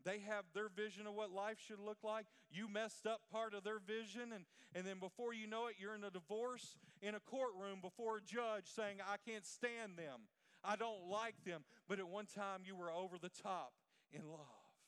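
A man's voice: high-pitched, steady tone, moderate pace, hardly any pauses, smooth, in a large hall. A middle-aged man preaching a sermon as pastor, asking the congregation questions and waiting for the answer. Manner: preaching with call-and-response questions.

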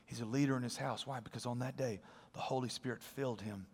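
Man, pastor, sermon storytelling, animated then hushed, reverberant hall. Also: medium pitch, fast talker, creaky, slightly rough.

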